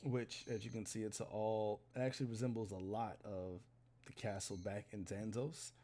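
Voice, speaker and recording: A man's voice: on the low side, fairly even intonation, moderate pace, mellow. A man narrating a tabletop role-playing game as game master, describing scenes steadily.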